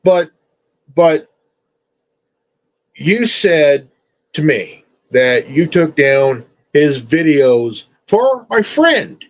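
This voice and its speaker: A man's voice: a little high, big pitch swings, drawn-out words, pauses often, rough recording. A man streamer ranting at someone in a confrontational, profane, repetitive way. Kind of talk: confrontational rant.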